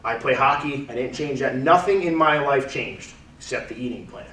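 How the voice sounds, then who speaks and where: Heard from far off in a roomy space with faint noise, a thirties-aged testimonial speaker talks casually to a group. His voice is medium in pitch, pushed and bright, at a moderate pace, and he keeps repeating and restarting words.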